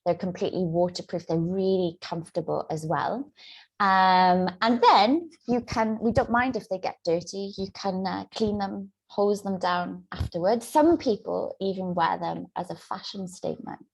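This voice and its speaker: A woman presenting a teaching webinar over a video call, explaining in a clear, steady way. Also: medium pitch, normal speed. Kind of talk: webinar presentation and demo dialogue.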